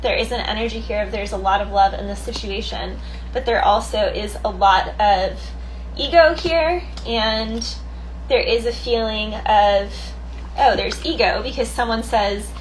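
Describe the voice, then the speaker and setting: A woman's voice: mid-range voice, unhurried, slight background noise, rough recording. A woman doing a casual tarot card reading, chatty, thinking aloud and laughing easily. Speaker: tarot reader.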